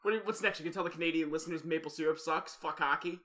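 A young man co-hosting a casual podcast, animated and teasing, getting loud when excited. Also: on the high side, very fast. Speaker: podcast co-host.

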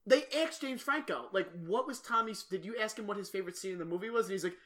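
A man co-hosting a podcast in casual chat, telling animated stories, swearing and acting out quotes. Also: high-pitched, fast. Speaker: podcast co-host.

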